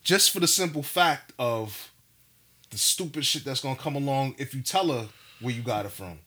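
A man telling a story in a casual chat, animated and profane, full of slang. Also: mid-range voice, moderate pace, husky.

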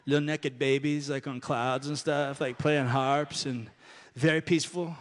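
A man's voice: mid-range voice, fairly even intonation, unhurried, close to an everyday voice. A pastor voicing a laid-back young man outside a nightclub, slangy and drawling. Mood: dreamy. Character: laid-back young male clubgoer, dreamy.

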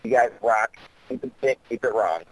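A man's voice: mid-range voice, moderate pace, breathy edge, no room sound, low-quality recording. A man leaving a voicemail for a podcast over the phone, blunt, profane and enthusiastic. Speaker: caller.

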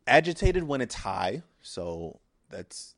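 A young man hosting a solo podcast, crude and sarcastic, full of profanity, who now and then breaks into mock shouting. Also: mid-range voice, very animated, slow pace, no room sound. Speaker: podcast host. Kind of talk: solo comedic podcast rant.

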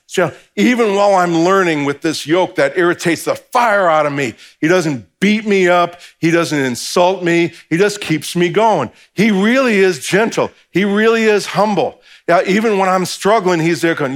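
Man preaching with lively, conversational emphasis. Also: normal speed. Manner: conversational preaching, acts out quoted voices; swings from hushed and low to raised and emphatic. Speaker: pastor. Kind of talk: sermon.

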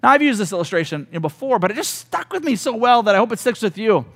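Pastor, middle-aged man, very high voice, earnest sermon delivery with acted-out story dialogue. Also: very animated, fast, vocal fry, fairly bright tone.

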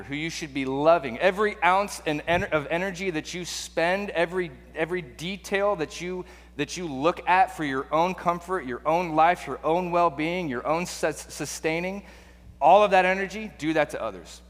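Guy giving a sermon, chatty, asks the crowd questions, kinda high voice, long echo. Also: normal speed, a bit bright. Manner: conversational, rhetorical questions, restarts. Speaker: preacher. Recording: long hall reverb.

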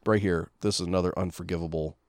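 A man's voice: sits low, steady tone, fast, a little mellow, dry recording, studio quality. A man co-hosting a casual movie commentary podcast, talking hesitantly with many fillers. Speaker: podcast co-host.

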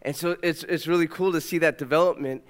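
A pastor in his thirties giving a sermon in a church, telling a family story warmly and moving into prayer. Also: fairly even intonation, quick pace, clear, resonant tone. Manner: warm storytelling, puts on a high toddler voice for his daughter. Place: church sanctuary. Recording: long reverb of a church hall.

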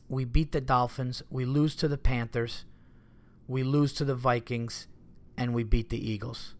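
Speaking a little slowly in a mid-range voice with fairly even intonation, a comedian podcast host goes it alone. His casual rambling is full of swearing, and he's quick to get exasperated.

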